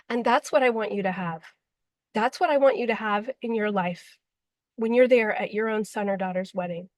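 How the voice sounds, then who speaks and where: A woman's voice: medium pitch, moderate pace, no echo. Earnest woman relationship coach, dry sound. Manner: emotional, heartfelt, with frequent fillers. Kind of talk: earnest direct-to-camera talk.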